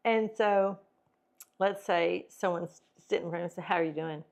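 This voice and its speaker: A middle-aged woman co-hosting a casual faith and wellness talk show, animated, acting out tones of voice and laughing often. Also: fairly low pitch, creaky. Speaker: podcast co-host.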